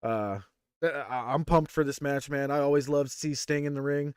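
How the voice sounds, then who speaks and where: A man co-hosting a casual review show, relaxed and quick to laugh, chiming in with short reactions. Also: medium pitch, smooth, no echo, clean studio sound. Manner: relaxed, laughing, chimes in briefly. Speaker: co-host.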